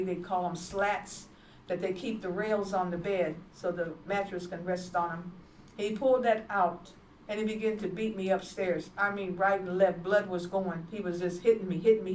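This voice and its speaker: This testimony preaching comes from a woman evangelist with a medium-pitched, slightly mellow voice, speaking emphatically, plainly and with lots of repetition. The recording is distant and echoey, with slight background noise.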